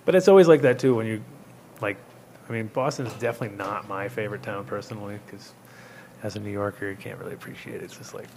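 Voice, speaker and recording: A man's voice: on the low side, quick pace, creaky, noisy background. A man from Rhode Island hosting a show, telling rambling, laughing stories in casual, swearing chat. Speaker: host.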